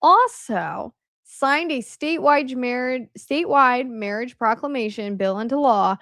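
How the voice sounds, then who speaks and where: A woman with a fairly high voice talking casually and sarcastically, adding dry asides as she reads source material aloud. The sound is close and dry, with no room around it. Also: expressive, unhurried, fairly bright tone, dry recording. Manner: sarcastic asides, laughs while reading aloud. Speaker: political commentary podcaster. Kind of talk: casual commentary reading from websites.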